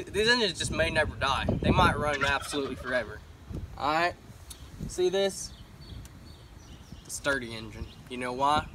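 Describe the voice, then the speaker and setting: A boastful, swaggering cowboy with a drawl, as a man puts him on. His voice sits a bit high, and he sounds folksy and mocking. He is heard from a distance outdoors, with vehicle noise behind him. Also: natural voice. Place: outdoors beside a pickup truck.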